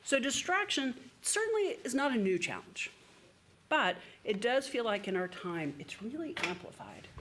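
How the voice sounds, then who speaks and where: A woman's voice: fairly high pitch, very animated, moderate pace, fairly bright tone, slight background noise. A woman priest giving a sermon in a conversational way, with the odd filler word. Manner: conversational preaching with occasional fillers.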